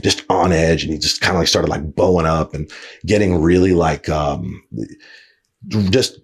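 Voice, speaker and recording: A man's voice: rumbling low, normal speed, slightly rough. A man hosting a podcast, telling a story casually with lots of fillers, restarts and swearing. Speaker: podcast host.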